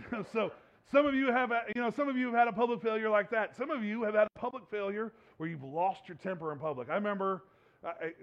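A man preaching a sermon as a pastor, in a conversational, humorous way, laughing often. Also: sits high. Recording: dull lo-fi recording.

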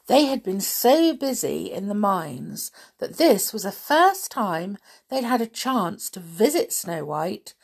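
A woman reading a children's storybook aloud and chatting gently with her listeners. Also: medium pitch, slightly rough. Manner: gentle, chatty, with soft laughs.

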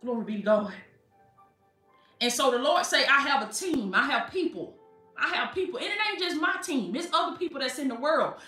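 A woman preacher, delivering an animated sermon, calling listeners baby and laughing often. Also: high voice, brisk, distant mic. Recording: echoey, from off the mic, faint music.

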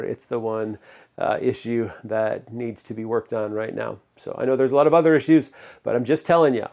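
Male pastor, mid pitch, casual sermon, lots of rhetorical questions, lo-fi recording. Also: darkish tone. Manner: conversational, many fillers and rhetorical questions.

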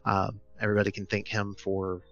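A man's voice: on the low side, monotone, fairly quick, fairly bright tone, highs cut off, soft background music. A man co-hosting a casual podcast, enthusiastically explaining tools step by step. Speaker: podcast co-host presenting game news.

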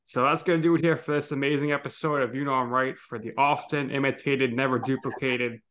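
A man's voice: mid-range voice, fairly even intonation, fairly quick, fairly bright tone. A man hosting a podcast, joking around with his guest and wrapping up the show in a friendly, casual way. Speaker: podcast host.

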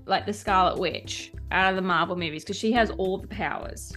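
Excitable bright-voiced woman co-host. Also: on the low side, moderate pace, faint music behind. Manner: animated, excitable, giggly. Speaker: podcast co-host. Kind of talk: casual chat.

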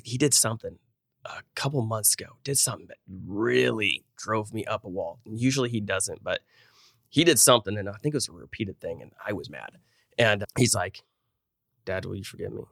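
A man's voice: fairly low pitch, expressive, a little fast, vocal fry, a bit bright, no echo, studio quality. A middle-aged man, a podcast guest and business owner, telling personal stories in an earnest, rambling way with many restarts. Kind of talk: casual conversational interview.

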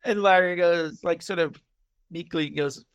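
A man's voice: high voice, normal speed, creaky. A man co-hosting a podcast, casually recapping a TV episode, acting out the characters' lines and laughing often. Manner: animated retelling, acting out quotes, laughing often. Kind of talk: casual chat.

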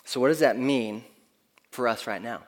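A man's voice: mid-range voice, normal speed. A man preaching a sermon in an earnest, conversational way, often restarting his phrases, who speaks of his own kids. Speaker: pastor.

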